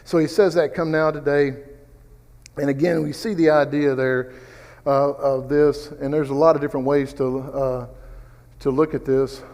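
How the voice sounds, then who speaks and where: A man's voice: on the high side, steady tone, normal speed, darkish tone, in a large hall. A man teaching a conversational Bible study class, rambling through personal stories and asides. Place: church classroom.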